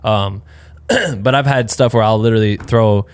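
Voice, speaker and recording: A man's voice: on the low side, normal speed, clear, resonant tone. Congested man in casual, profane chat. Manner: candid, profane, rambling with fillers. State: congested, sounds sick.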